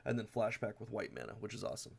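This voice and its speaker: This deck tech host has a fairly low, creaky, slightly rough voice with big pitch swings, delivered rapid-fire. Tired and yawning, he moves through his deck card by card, reading the text aloud with plenty of fillers and restarts.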